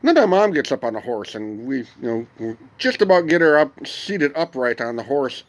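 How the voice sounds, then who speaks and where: Unhurried middle-aged male storyteller. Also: mid-range voice, lively intonation. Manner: unhurried, meandering, with frequent pauses. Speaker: podcast host. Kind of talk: casual personal storytelling.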